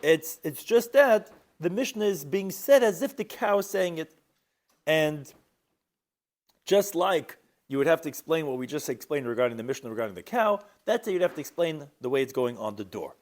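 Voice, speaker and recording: Animated man teaching a Talmud class. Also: a little high, moderate pace. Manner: animated, rhetorical questions, mixes Hebrew and Aramaic terms. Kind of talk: Talmud lecture.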